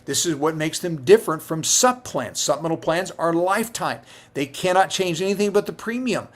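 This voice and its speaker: A man's voice: fairly high pitch, expressive, a little fast. A middle-aged man who works as a Medicare insurance agent, answering viewer questions on a live stream in a conversational way, with many fillers and restarts.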